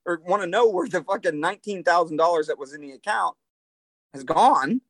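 Man, a bit high-pitched, dry close sound, phone or video call, blunt, swears, laughs between points. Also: fairly quick, no echo. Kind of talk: casual chat.

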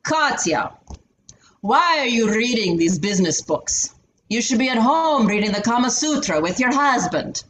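A woman's voice: a little high, big pitch swings, a little slow, a bit bright, reverberant, far from the mic, slight background noise, pitched above the performer's own voice, low-quality recording. A woman mimicking a crude, leering senior male executive in a mocking put-on accent.

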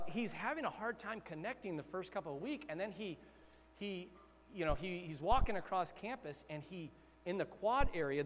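Brief: middle-aged male pastor, fairly high voice, chatty animated sermon, long church reverb, faint hum. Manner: conversational storytelling, animated. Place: church hall.

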